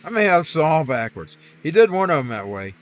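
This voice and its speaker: This streamer has a higher-than-average, sing-song voice and talks at a normal speed. While gaming, he chats and rambles folksily about faith and scripture, tossing in preachy asides.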